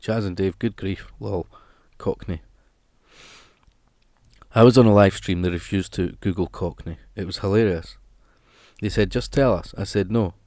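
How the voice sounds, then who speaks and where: A man's voice: deep voice, steady tone, normal speed, a little mellow, dry recording, studio quality. A man hosting a live stream, chatting casually with his viewers in a rambling, jokey way.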